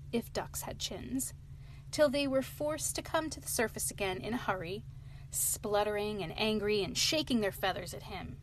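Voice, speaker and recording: A woman's voice: medium pitch, a little hiss or hum. Woman reading a bedtime story. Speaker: storyteller host.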